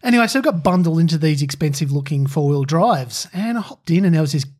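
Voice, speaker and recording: Talking fast in an expressive voice on the high side with a darkish tone, this man co-hosts a podcast. He rambles through a personal story full of fillers and laughter, in a casual storytelling style.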